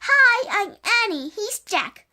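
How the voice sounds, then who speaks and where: A woman voicing an eager, cheerful young girl who pleads and exclaims in a high voice during a storybook reading. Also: big pitch swings, takes it slowly, a bit bright, full character voice. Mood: excited.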